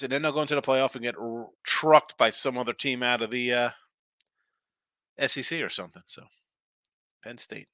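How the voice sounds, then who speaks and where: Though tired and yawning, this sports betting podcast host talks fast in a mid-range, bright, forceful voice with no room sound. His live-stream chat is casual and rambling as he reads and answers viewers' messages.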